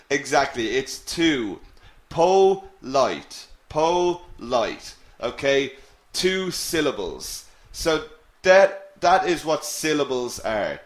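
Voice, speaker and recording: Guy teaching english online, says each word twice, slow, echoey room. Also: on the high side. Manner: slow, deliberate, repeats words for learners. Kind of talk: live online English lesson.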